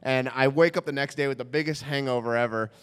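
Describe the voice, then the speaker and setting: A young man telling a personal story in an animated way, acting out the quotes, in a hall with a long echo. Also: mid-range voice, fast, clear, resonant tone.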